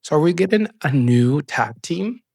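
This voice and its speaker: A man hosting a casual recap show, talking in an excited, rambling way full of "like" fillers. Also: a little high, moderate pace, vocal fry, dry recording, studio quality. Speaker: show host. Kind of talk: casual wrestling episode recap.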